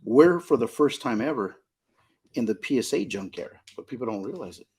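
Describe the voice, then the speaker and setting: Middle-aged male shop owner, husky, emphatic guest on a chat podcast. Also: medium pitch, animated, fairly quick, a little mellow. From Southern California. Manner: emphatic, repeats points, asks "you know what I mean?". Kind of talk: casual podcast conversation.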